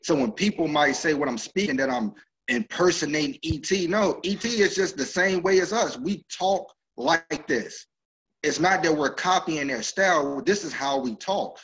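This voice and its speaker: A man on a podcast panel, speaking loudly and passionately about natural speaking. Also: on the high side, moderate pace, low-quality recording. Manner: loud and passionate, emphatic. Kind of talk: casual group chat.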